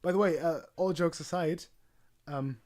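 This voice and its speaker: A man's voice: fairly high pitch, moderate pace, a little mellow. A man streaming alone, rambling casually with jokes, frequent ums and stumbling self-corrections. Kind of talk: casual livestream monologue.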